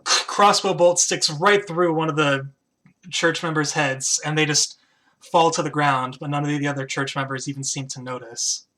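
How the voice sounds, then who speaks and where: A game master narrating a tabletop game, pausing often with "uh" and "kind of". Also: medium pitch, fairly even intonation, sharp tone. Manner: hesitant narration with many "uh" and "kind of".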